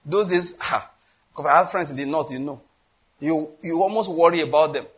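A Nigerian-accented man preaching, his voice pitched high for a man and a little husky. He tells stories in a loose, chatty way and slips into quoted dialogue. He keeps asking the listeners whether they get his point. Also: normal speed. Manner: storytelling with quoted dialogue, conversational. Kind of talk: sermon.

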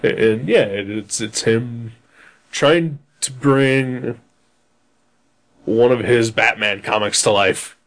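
A man in casual conversation reviewing a film, laid-back and halting, with frequent restarts and laughter. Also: medium pitch, fairly bright tone, slight background noise. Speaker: podcast co-host. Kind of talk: casual movie review chat.

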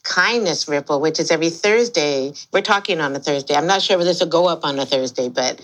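Woman, older, podcast host, bubbly, laughs a lot, lowish voice. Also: fairly quick, fairly bright tone. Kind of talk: casual podcast chat.

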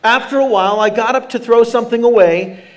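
A man preaches a sermon with a notably high voice. He keeps the congregation involved, calling out questions and asking for responses as he speaks from a church. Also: a little fast. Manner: animated, engaging the congregation with questions. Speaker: pastor. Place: church sanctuary.

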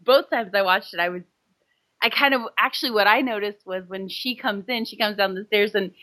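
A woman's voice: mid-range voice, pushed and bright. Enthusiastic woman podcast co-host. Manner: enthusiastic, quick bursts of detail with laughs. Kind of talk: casual film discussion.

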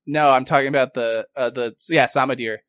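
A man's voice: medium pitch, steady tone, a little fast, a bit bright, no echo. A man playing a tabletop game, talking loosely, joking and swearing. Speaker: player. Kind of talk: casual chat.

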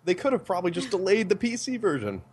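A man co-hosting a gaming podcast, sarcastic and quick to laugh. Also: high voice, huge pitch swings, a little mellow, a little hiss or hum. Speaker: podcast co-host. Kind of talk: casual gaming podcast banter.

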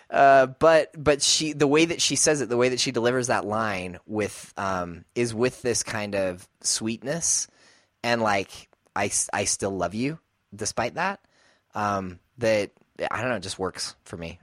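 A man with a lowish voice co-hosts a podcast in casual chat. He thinks out loud, feeling his way toward his point with frequent laughs. The sound is dry and close. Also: no echo. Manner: thoughtful, searching for words, laughs often. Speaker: podcast co-host.

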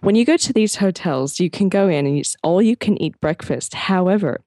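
Woman podcast host, low voice, chatty and excited, lots of ums and likes. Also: moderate pace, no room sound. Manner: animated storyteller, fillers. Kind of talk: casual chat.

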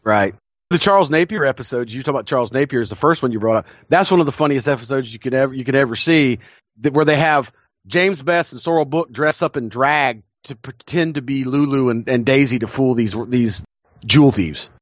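A man's voice: medium pitch, a little fast, no echo. This is a man with a Southern American accent co-hosting a casual podcast. He tells stories with gusto and laughs easily. His voice is dry and slightly muffled, as if on a modest home mic. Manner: enthusiastic storyteller, laughs often. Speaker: podcast co-host. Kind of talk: casual chat.

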